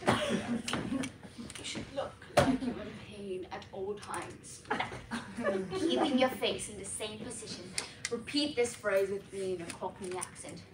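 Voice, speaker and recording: On a school auditorium stage, a young woman competing with a comic piece plays a pompous, bossy female accent teacher, using a put-on British accent. Her mid-range voice is slow and lightly acted, theatrical and exaggerated, captured from far off in a noisy, echoey hall.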